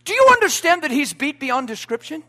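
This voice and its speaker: A man preaching a sermon to a congregation, swinging from quiet asides to loud emphatic points, folksy and joking. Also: very high voice, big pitch swings, fairly quick. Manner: folksy, joking, quotes everyday sayings.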